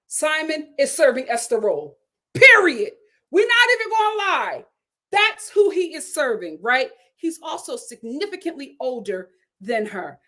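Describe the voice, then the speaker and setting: Sassy lady dishing on a reality show, high voice that jumps all over. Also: unhurried. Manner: sassy, animated, laughs at her own jokes. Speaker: reality TV reviewer. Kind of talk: casual commentary.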